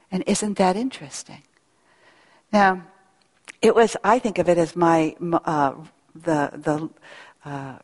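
Middle-aged woman, spiritual speaker; unhurried, reflective delivery; hall reverb. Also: lowish voice. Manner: earnest, reflective, slow pauses. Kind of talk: devotional talk with storytelling.

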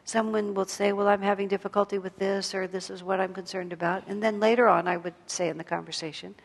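A woman's voice: medium pitch, steady tone, fast, vocal fry, long reverb tail. A woman giving an evening spiritual talk to a gathered group, telling stories about herself in a reflective way and laughing lightly at her own mistakes. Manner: reflective, storytelling, self-deprecating with light laughs. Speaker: spiritual teacher.

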